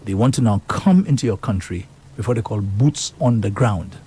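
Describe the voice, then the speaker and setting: A man's voice: on the low side, normal speed, dark tone, slightly rough. A man hosting a talk radio show, speaking, emphatic and indignant as he reads out and comments on news.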